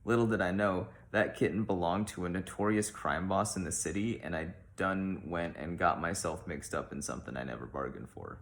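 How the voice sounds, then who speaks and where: A man reading a letter aloud in the voice of a folksy Midwestern woman zookeeper, with homespun phrasing and a deadpan delivery. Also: deep voice, moderate pace, few pauses, a little hiss or hum.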